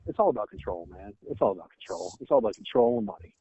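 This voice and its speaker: A man's voice: fairly low pitch, lively intonation, racing, warm tone, slightly rough, no room sound. A man co-hosting a podcast, rambling and thinking aloud while seeking agreement, heard over a tinny phone-like line. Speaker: podcast co-host. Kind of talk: casual podcast conversation.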